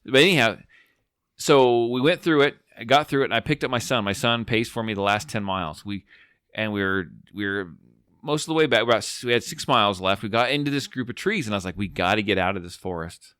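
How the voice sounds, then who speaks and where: A man's voice: mid-range voice, a little fast, smooth, dry recording, clean studio sound. A man in his forties, a podcast host, telling a long story in casual chat, rambling with lots of restarts. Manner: rambling, animated, restarts often.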